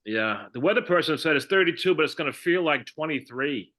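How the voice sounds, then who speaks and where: An older man from Massachusetts with a Boston accent, doing a stand-up comedy set of deadpan one-liners, full of fillers and restarts. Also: fairly high pitch, a little fast. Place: online comedy show.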